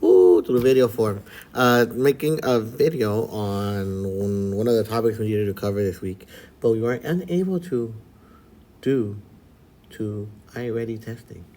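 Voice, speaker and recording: A man teaching a math lesson in a relaxed, chatty way, often checking in with his students. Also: fairly low pitch, measured pace. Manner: relaxed and chatty, checks in with frequent "all right?" and "okay?". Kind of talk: casual recorded lesson for students.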